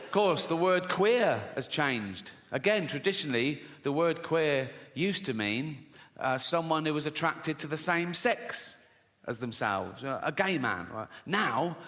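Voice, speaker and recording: A man's voice: fairly high pitch, lively intonation, measured pace, a little hiss or hum. A British man doing a stand-up comedy routine, sardonic and sweary with mocking asides. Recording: echoey venue with loud laughter. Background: audience laughter.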